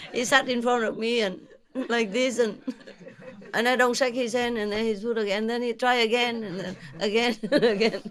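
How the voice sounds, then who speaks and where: Chatty woman telling fond stories, laughing. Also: a little high. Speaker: spiritual teacher. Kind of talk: casual storytelling chat.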